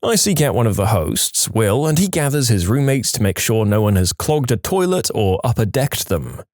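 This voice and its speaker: A man reading reddit stories aloud, telling them in a lively way and putting on voices for the quoted people. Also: mid-range voice, moderate pace, no room sound, clean studio sound. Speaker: story narrator.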